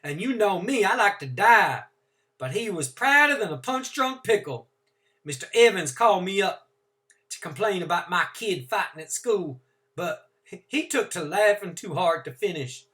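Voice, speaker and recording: A man voicing a warm, folksy older foster mother who chats fondly in dialect as she writes a letter. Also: high voice, big pitch swings, normal speed, pitched above the performer's own voice, exaggerated voice. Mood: chatty, fond. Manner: Southern-style dialect, chatty and fond.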